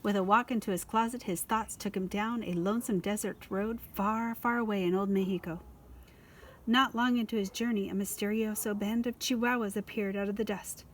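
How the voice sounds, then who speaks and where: A woman school librarian reading a children's picture book aloud in a lively, expressive way. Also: medium pitch, fairly quick, a little hiss or hum.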